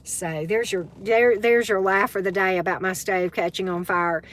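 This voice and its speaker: A woman's voice: mid-range voice, fairly even intonation, moderate pace. A woman chatting casually with her livestream viewers as a tarot reader and spiritual coach, often tagging on "right?" and "okay?".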